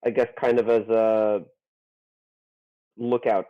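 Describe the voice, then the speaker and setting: A man's voice: fairly low pitch, level tone, slow pace. Casual male player on a dull mic. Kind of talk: tabletop role-play.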